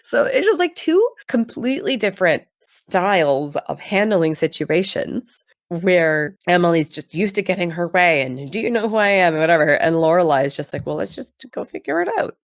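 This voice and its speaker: A woman in a casual chat, recapping an episode with lively, acted-out quotes and frequent laughs. Her voice sits on the lower side and sounds dry and close, with no room around it. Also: normal speed, few pauses, no room sound. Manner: animated retelling, acting out quotes with laughs. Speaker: podcast co-host.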